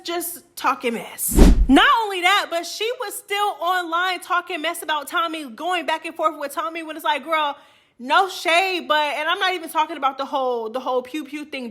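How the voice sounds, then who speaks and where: A woman's voice: high voice, bright, forceful tone. A woman hosting a gossip channel, chatting sassily about reality TV drama. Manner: chatty, sassy, calls viewers girl. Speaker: host. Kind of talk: gossip commentary.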